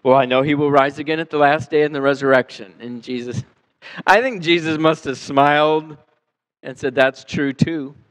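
A male pastor preaching a sermon in a church, animated and conversational, acting out the people he quotes and asking his listeners questions. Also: a little high, normal speed, clear, resonant tone, low-quality recording. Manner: animated, acts out quoted voices, asks the congregation questions. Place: church sanctuary.

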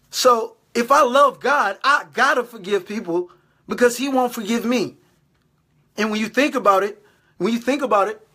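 With a high-pitched, husky voice that sounds pushed and bright, this man speaks at a moderate pace. As a faith vlogger he delivers motivational talk to his camera, exhorting and repeating himself with frequent "all right?" check-ins.

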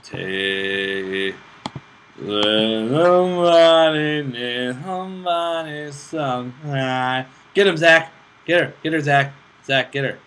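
A young man hosting casual gameplay commentary, excitable and self-mocking, swearing often while playing on a laptop with friends nearby. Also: mid-range voice, slow pace, poor audio. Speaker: gaming channel host. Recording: steady background noise with mouse clicks.

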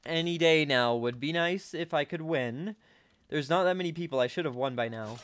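Brief: male gameplay commentator, slightly high voice, jumpy and easily frustrated, self-talk at a desk mic. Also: fairly quick, faint music behind. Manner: excitable, jumps into high-pitched outbursts, talks to himself. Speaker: gaming channel host. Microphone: desk microphone.

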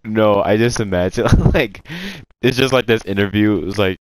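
A man's voice: fairly low pitch, moderate pace, hardly any pauses, no room sound, rough recording. A man chatting casually while playing a video game, giggling constantly, joking and swearing freely. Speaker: gamer. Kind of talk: casual chat while gaming.

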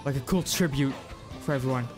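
A young man swearing freely as he reacts casually to an anime opening and ending, loud and excited at times, hushed and quiet when moved. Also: mid-range voice, fairly quick. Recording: faint music playing behind. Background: anime music playing.

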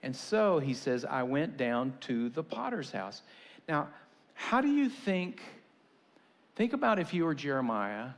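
Pastor, male, relaxed chatty preaching with asides, mid-range voice. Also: mid-range voice, normal speed, long reverb tail. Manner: conversational, folksy preaching with restarts and asides. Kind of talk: sermon.

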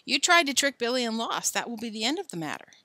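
A woman's voice: on the high side, sing-song, fast talker, bright, forceful tone, dry recording, clean studio sound, voice pushed up, exaggerated voice. Woman doing a stern lecturing dad. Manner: firm, clipped, lecturing. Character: stern father scolding his young son.

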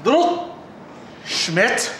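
A man complaining excitably in a wrestling promo. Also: extremely slow, a little hiss or hum. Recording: very echoey room.

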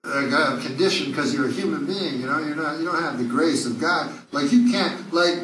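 Profane rambling comic guy, slightly high voice, far off in an echoey club bootleg. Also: fairly quick, fairly bright tone, slight background noise. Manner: rambling, profane, loose storytelling. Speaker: stand-up comedian. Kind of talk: stand-up comedy set. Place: comedy club stage. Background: laughing crowd.

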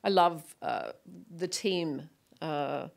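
Woman, middle-aged, stage guest; low and gravelly, animated storyteller who acts out voices. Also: drawn-out words. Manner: animated storyteller acting out quoted voices, laughing often. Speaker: guest author and film director. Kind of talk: stage conversation, anecdotal storytelling.

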